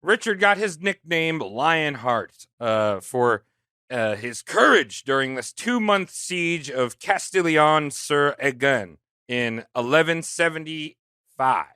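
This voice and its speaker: Higher-voiced man telling history jokingly. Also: animated, takes it slowly, pushed and bright, clear, resonant tone, dry recording, studio quality. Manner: jokey, slangy, acts out quotes. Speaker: podcast host. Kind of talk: comedic history storytelling.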